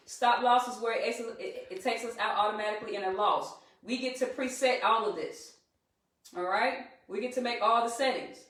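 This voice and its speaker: Southern woman, trading coach on a live stream, chatty and rallying, slightly high voice, distant and echoey. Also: a bit bright. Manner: chatty, rallying, addresses viewers as y'all. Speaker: trading instructor. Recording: echoey room, distant from the mic.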